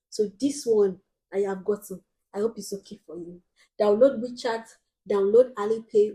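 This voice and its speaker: A woman's voice: mid-range voice, warm tone. A young Nigerian woman hosting a casual advice vlog, talking directly and emphatically with frequent ums. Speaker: host.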